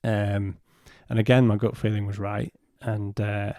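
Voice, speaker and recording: Low, gravelly man telling a story. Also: little pitch movement, warm tone, dry recording, clean studio sound. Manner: halting, retelling conversations in his own words. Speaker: podcast guest. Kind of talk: personal storytelling in conversation.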